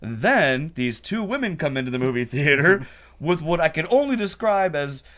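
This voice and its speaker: A man's voice: fairly high pitch, very animated, moderate pace, fairly bright tone. A man hosting a casual podcast chat, who laughs often while telling stories. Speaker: podcast host.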